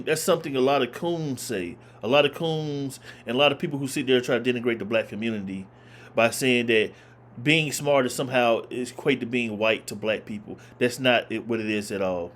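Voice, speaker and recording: A man's voice: medium pitch, moderate pace, a bit bright. A man giving emphatic, opinionated commentary as a reaction video host, hammering his points by repeating them. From Southern United States.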